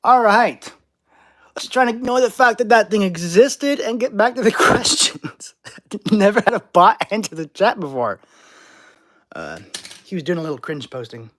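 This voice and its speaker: Male streamer host, playful and jokey, very animated delivery. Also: high voice, normal speed. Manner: playful, reacting to chat, jokey overreactions. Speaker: channel host. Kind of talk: live stream Q&A reading chat.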